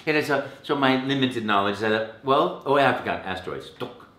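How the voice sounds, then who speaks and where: A man being interviewed as a voice actor, telling stories in an animated way and acting out the lines he quotes. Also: medium pitch, a little fast, roomy sound. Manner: animated, acts out quotes, many restarts. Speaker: voice actor guest. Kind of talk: casual interview storytelling.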